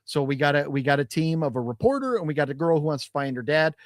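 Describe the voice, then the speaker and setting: A man's voice: a little high, fast, dry recording, clean studio sound. A man co-hosting a podcast, chatting casually about a movie with rambling restarts and laughs. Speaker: podcast co-host. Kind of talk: casual movie review chat.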